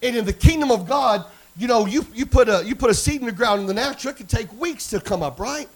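A high-pitched man preaches to a congregation. He moves between quiet, reflective storytelling and loud, fervent exhortation that rises nearly to a chant. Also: lively intonation, fast. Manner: storytelling preacher, building to shouted fervor. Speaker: pastor. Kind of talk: sermon.

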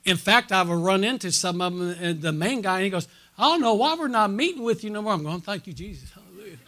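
Preaching a sermon at a church conference, a middle-aged pastor speaks a little fast, his very bright voice sitting slightly high. He recounts a personal story and repeatedly calls out questions to the congregation. His delivery surges to loud, excited peaks before sinking into quiet, low asides.

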